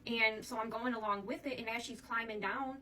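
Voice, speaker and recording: A woman's voice: fairly high pitch, steady tone, a little fast, sharp tone, distant mic, rough recording. A woman giving a casual tarot reading, chatting to her viewers and often calling them "Divine Collective". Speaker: tarot reader.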